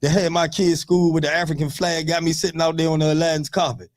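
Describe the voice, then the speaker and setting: A man in his thirties on a radio talk show, telling profane, animated stories in casual chat. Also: a little high, quick pace.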